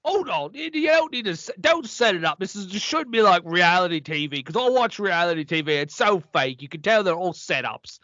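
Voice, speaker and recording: A man playing a rambling, self-absorbed male movie star with a Cockney accent, talking with oblivious deadpan boasting. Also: high voice, brisk, few pauses, no room sound, dull audio, exaggerated voice.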